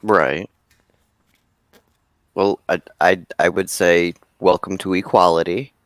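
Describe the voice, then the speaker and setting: A man's voice: sits low, steady tone, slow pace, fairly bright tone, no room sound. A man co-hosting a casual live-stream discussion, giving blunt opinions and laughing easily. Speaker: co-host.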